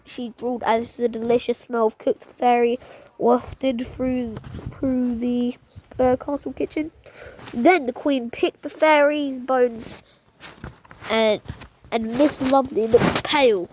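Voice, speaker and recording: Female storytime reader, high voice, lively, trips over a word here and there. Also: takes it slowly, slight background noise, rough recording. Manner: lively reading with frequent stumbles and restarts. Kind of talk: children's book read-aloud.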